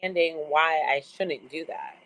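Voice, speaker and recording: A woman in her thirties co-hosting a casual talk show, candid and quick to laugh. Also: low-pitched, dry recording, low-quality recording. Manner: laughs often, relaxed and candid. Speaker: podcast co-host. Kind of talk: casual chat.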